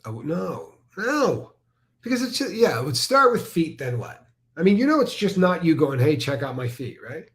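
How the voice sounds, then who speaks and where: A man co-hosts a loose chat, teasing and protective, often trailing off and restarting. His pitch swings widely as he talks. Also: big pitch swings, moderate pace, fairly bright tone. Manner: teasing, protective, hesitant with fillers. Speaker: podcast co-host. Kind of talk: casual chat reading live comments.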